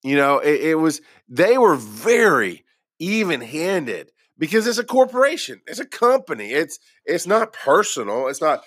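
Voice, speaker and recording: He has a slightly high, sing-song voice at normal speed with a fairly bright tone, in a dry, clean studio recording. Once a paramedic, he tells his personal story casually, rambling and self-mocking, and often starts over.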